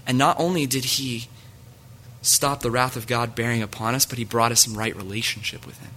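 A man's voice: medium pitch, steady tone, fairly quick, sharp tone. A man preaching a sermon in an earnest way, reading scripture aloud to his listeners.

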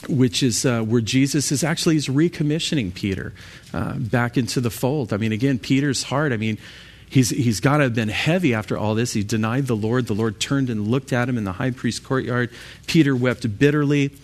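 A man's voice: medium pitch, brisk. Man teaching a casual Bible study. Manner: conversational, with many fillers, restarts and quoted scripture. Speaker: pastor.

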